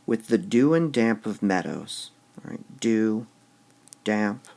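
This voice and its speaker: A man teaching a class, slow and deliberate, stressing syllables aloud as he goes through lines of verse. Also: lowish voice, animated, vocal fry, a little mellow. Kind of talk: classroom lecture on poetic meter.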